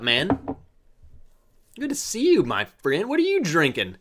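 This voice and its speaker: A man hosting a relaxed live chat, playful and teasing as he calls out viewers one by one. His pitch swings widely while he talks at an unhurried pace, with a fairly high voice for a man. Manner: playful, jokey, greets viewers by name. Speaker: livestream host. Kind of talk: casual live chat reading viewer comments.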